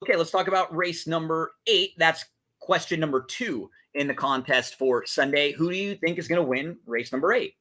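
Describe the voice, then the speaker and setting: This podcast co-host talks betting, covering race and game picks loosely with many fillers and false starts. He speaks at a moderate pace in a slightly high, sharp voice.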